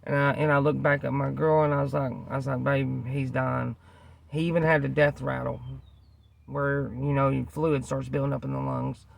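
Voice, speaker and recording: A man's voice: mid-range voice, level tone, brisk, creaky. A man earnestly tells a rambling personal story to the camera, repeating himself and using many fillers. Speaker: vlogger telling a personal story.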